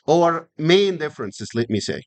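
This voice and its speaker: A middle-aged man lectures on anatomy in a classroom manner, repeating key words and checking in with students through frequent questions. His voice is a little high and sing-song, at a moderate pace.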